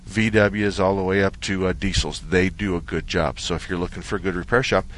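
Chatty lower-voiced radio host, a man. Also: fairly quick. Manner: rambling storyteller, relaxed and chatty. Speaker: radio car-advice show host. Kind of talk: call-in radio chat. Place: radio studio.

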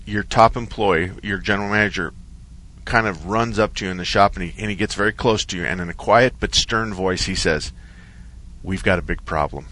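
A man hosting a call-in radio show about cars, telling a long story in a relaxed, rambling way. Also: fairly low pitch, fairly quick. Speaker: radio car-advice show host. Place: radio studio.

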